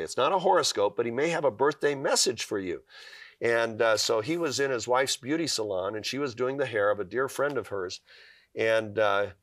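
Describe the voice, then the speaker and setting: Man, devotional talk, earnest storyteller, mid pitch, dry close sound. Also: a bit bright, no room sound. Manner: earnest storytelling with scripture quotes. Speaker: Christian speaker.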